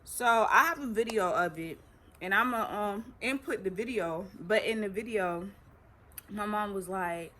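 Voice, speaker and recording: Teen vlogger, bright voice, chatty story, faint room hum behind. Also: female voice, medium pitch, unhurried. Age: teens. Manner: chatty, animated retelling with acted quotes. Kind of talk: casual storytelling.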